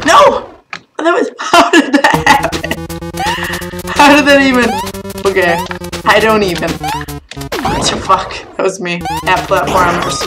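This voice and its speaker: High, lively young woman gaming. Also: rough recording. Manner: jumpy, yelps and laughs, swears at the game. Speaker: gaming video host. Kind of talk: let's play commentary. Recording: game music in background.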